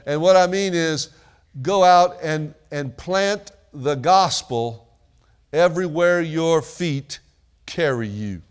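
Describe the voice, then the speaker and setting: A man's voice: a little high, slow, clean tone. A man preaching a sermon in a conversational, folksy way, with asides and calls for amens to the congregation. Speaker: pastor.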